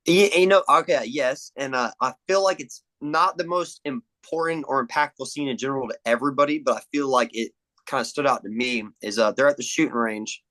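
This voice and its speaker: A man's voice: medium pitch, a little fast, rough recording. A young man as a podcast guest, chatting casually and retelling movie scenes with lots of swearing. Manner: animated storyteller, acts out quotes, swears a lot. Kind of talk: casual chat.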